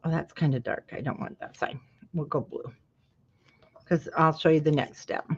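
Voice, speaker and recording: A chatty woman from Utah walks viewers through a craft project, with plenty of friendly asides along the way. Her voice sits a little low for a woman. The sound is somewhat dull and lo-fi. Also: steady tone, moderate pace, breathy edge. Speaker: craft show host. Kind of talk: live craft tutorial.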